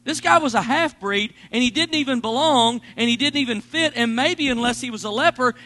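Brief: high-pitched man preaching, lively, dynamic swings. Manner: animated preaching, swings between loud and hushed. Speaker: pastor. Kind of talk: sermon.

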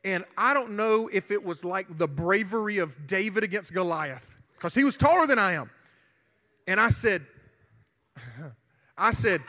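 A man preaches to a youth group, his bright, fairly high voice carried by a long hall reverb. He tells stories animatedly and breaks into loud shouts. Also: unhurried, pauses often. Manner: animated, shouting during the retold confrontation. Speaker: youth pastor. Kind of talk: sermon with storytelling.

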